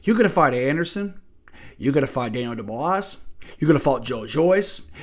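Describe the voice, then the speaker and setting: A man's voice: medium pitch, lively intonation, normal speed. A man hosting a podcast and delivering a blunt, profane sports rant full of rhetorical questions. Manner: argumentative, asks rhetorical questions. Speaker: podcast host.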